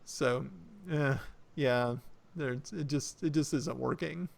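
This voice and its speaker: Gravelly man running a tabletop game. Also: mid-range voice, slow pace, very noisy. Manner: hesitant, many fillers and restarts. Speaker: game master.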